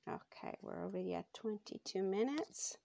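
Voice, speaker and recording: A woman hosting her own channel, giving a casual tarot card reading in a slow, thoughtful way with frequent pauses and fillers. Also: mid-range voice, lively intonation, gravelly, mellow, a little hiss or hum.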